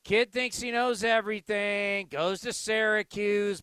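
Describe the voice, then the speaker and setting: Bright high-voiced sarcastic radio host man. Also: steady tone, clean tone, no room sound. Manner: playful, sarcastic, drawn-out delivery. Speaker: radio talk show host. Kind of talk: sports call-in radio banter.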